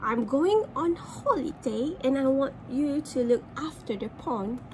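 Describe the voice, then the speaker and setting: A woman voicing a male goose who calmly hands over a job before going on holiday, in a storybook read-aloud. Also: high voice, measured pace, slight background noise, low-quality recording.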